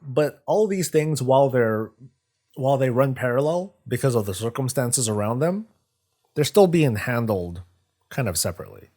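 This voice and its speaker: A man's voice: mid-range voice, lively intonation, normal speed, darkish tone. A man hosting a live stream, talking casually in a rambling way, often restarting his sentences. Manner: rambling, frequent restarts and stumbles. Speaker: streamer host.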